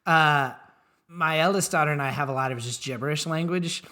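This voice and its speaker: A man's voice: on the high side, brisk, bright, forceful tone. Wry man laughing through podcast chat. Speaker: podcast co-host. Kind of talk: casual chat.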